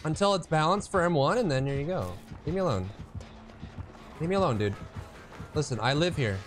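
A man commentating his own gameplay, excitable and teasing, swinging from quiet mutters to sudden shouts. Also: fairly high pitch, fairly quick, soft background music. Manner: banters with the opponent, teasing.

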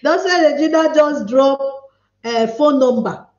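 A playful Nigerian woman hosts a live stream, chatting loosely and reading comments aloud. Her voice sits high and she talks at an unhurried pace. The sound is echoey and a little dull. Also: a little mellow. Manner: playful, chatty, mixes pidgin with English. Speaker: livestream host.

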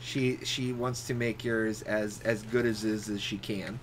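A man's voice: fairly low pitch, steady tone, unhurried, slight background noise. A man chatting casually with a friend while playing a game online, joking and laughing often. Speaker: gamer streamer. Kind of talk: casual chat while gaming.

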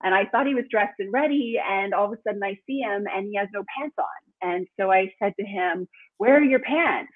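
A woman guest, an author and speaker, telling a lively story in conversation over a remote call. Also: mid-range voice, a little fast. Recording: tinny phone-line sound.

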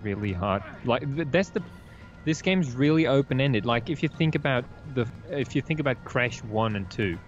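A man's voice: medium pitch, lively intonation, moderate pace, faint music behind. A man chatting casually on a game stream, laughing often. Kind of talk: casual chat over gameplay. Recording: slightly dull lo-fi mic.

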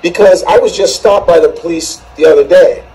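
A man, a comedian born in the United States, ranting in an animated, profane way with shouted peaks. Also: sits high, a little fast, low-quality recording. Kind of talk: comedic rant in a played clip.

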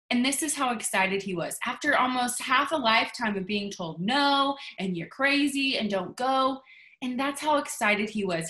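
A woman leading her team on a video call, giving an animated, sassy motivational talk while reading a book aloud. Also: mid-range voice. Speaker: team leader. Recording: roomy echo on a video call.

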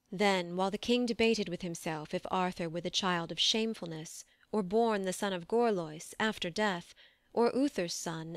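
A woman narrating an audiobook of classic verse, reading in a measured, steady manner into a close studio microphone. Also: mid-range voice, clean tone, no echo. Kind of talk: scripted poetry narration.

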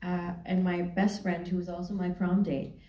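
Lively woman telling a story in a theater. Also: lowish voice, normal speed, lo-fi sound. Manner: lively storyteller, laughing often. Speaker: actress guest. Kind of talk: onstage conversation. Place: theater stage, roomy hall. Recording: echoey theater, distant mic.

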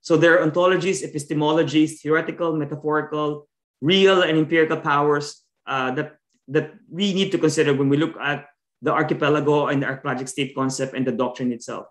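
A man gives a scholarly talk as a discussant, his voice pitched slightly above the usual male range. He moves at a measured pace, leaning on fillers and small restarts. The video-call audio sounds roomy and echoey. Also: fairly even intonation. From Philippines. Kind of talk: academic lecture.

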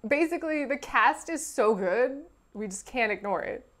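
A woman co-hosting a casual review podcast, excitable and quick to burst out loudly. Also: on the high side, soft background music. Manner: excitable, swings to loud outbursts. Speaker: podcast co-host. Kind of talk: casual chat.

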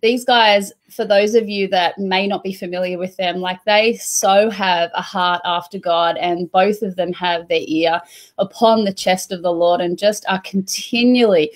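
A woman hosting a casual conversational chat, relaxed and hesitant, with many fillers and restarts. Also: medium pitch, measured pace. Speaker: host.

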